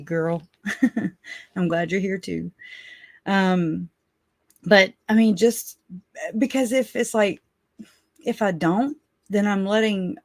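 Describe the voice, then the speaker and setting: A woman hosting a casual livestream, rambling warmly and laughing often as she reads out and thanks viewers for their comments. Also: fairly low pitch, creaky, dry recording, clean studio sound. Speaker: livestream host.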